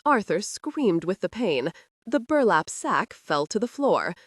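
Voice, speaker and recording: Woman narrator for a period romance audiobook, animated pitch, dry close booth. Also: a little slow, no echo. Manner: expressive storytelling with lively pitch.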